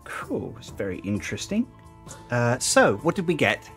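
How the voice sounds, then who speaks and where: Very low-voiced woman running a game. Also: wildly swooping pitch, moderate pace, faint music behind. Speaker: game master. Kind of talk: narrating a tabletop game.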